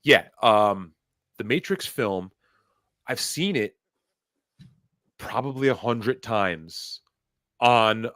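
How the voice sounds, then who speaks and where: A man's voice: on the low side, expressive, very slow, pauses often, fairly bright tone, no echo, studio quality. A man hosting a casual chat, rambling and swearing freely, with lots of fillers and restarts. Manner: rambling, profane, emotional, many fillers. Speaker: host.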